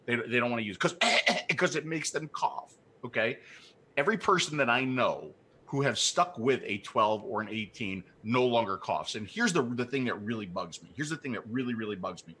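A man's voice: medium pitch, expressive, a little fast, sharp tone, breathy edge. A man co-hosting a live call-in show, ranting with fire and repeating his points for emphasis. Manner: fired-up ranting, repeats himself. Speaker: co-host.

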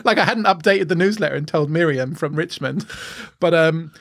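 Young Irish male comic, camp and cheeky, giggly interview chat, a bit high-pitched. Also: moderate pace, gravelly. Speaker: comedian guest.

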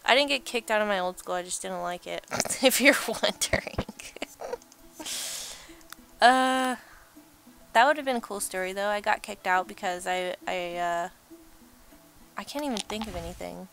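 Young female gamer, casual rambling commentary, mid-pitched, game music low behind. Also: moderate pace, vocal fry, long pauses, a bit bright. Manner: chatty, rambling, self-deprecating, laughs often. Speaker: let's play gamer.

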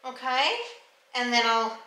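A young mother vlogs casually on a handheld phone camera while caring for her baby in the baby's bedroom, often slipping into coaxing sing-song talk to the infant. Her voice is on the high side, steady, unhurried, bright and forceful, and the audio is poor.

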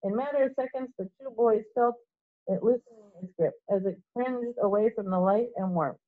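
A woman teacher reading a storybook aloud to children, in a clear, steady way with small slips, in a dull lo-fi recording. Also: on the high side, moderate pace.

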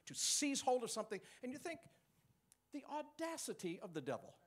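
High-voiced man preaching a sermon. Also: brisk. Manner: animated, teaching with call-and-response and chuckles.

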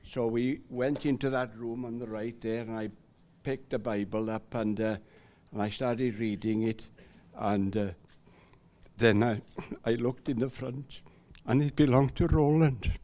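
A man's voice: medium pitch, steady tone, a little slow, dark tone. A Welsh man at a church service, chatting with a hesitant, self-deprecating manner before reading scripture. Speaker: scripture reader. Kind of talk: casual remarks before a reading.

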